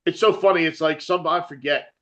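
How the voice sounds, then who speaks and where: Man, New Jersey accent, fairly high voice, rambling casual chat, muffled call audio. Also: brisk, fairly bright tone. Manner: rambling, laughs often, swears freely. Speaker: interview guest, metal musician.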